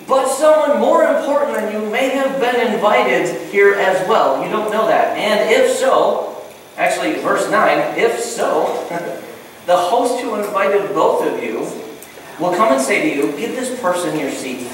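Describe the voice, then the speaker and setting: A middle-aged pastor preaches in a goofy, chatty way and keeps slipping into quoted voices. His voice sits high for a man. It reaches the mic from far off, with a long echo ringing through a big hall. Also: animated, measured pace, a little hiss or hum. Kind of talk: sermon. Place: church hall.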